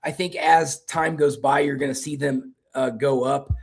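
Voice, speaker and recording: A man's voice: medium pitch, steady tone, normal speed, vocal fry, a little hiss or hum. A man with a Kentucky accent hosting casual political commentary, rambling and restarting his words as he talks.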